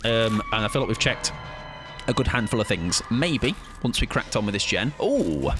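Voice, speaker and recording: A man's voice: fairly low pitch, sing-song, moderate pace, music in the background. A man streaming a game, chatting casually to his viewers, rambling and joking with casual swearing. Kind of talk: casual live-stream chat during gameplay.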